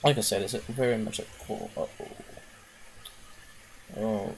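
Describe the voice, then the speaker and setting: A man's voice: lowish voice, measured pace, a little hiss or hum. A man casually commentating on a puzzle game as he plays, exclaiming and swearing at it. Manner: excitable, swears and exclaims while playing. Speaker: gaming video host. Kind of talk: casual let's-play commentary.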